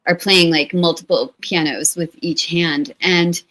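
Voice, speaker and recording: A middle-aged woman author talking in a lively, chatty way during an interview. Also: lowish voice, measured pace. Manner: lively, talkative, self-deprecating. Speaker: author guest and co-founder. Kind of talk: conversational interview.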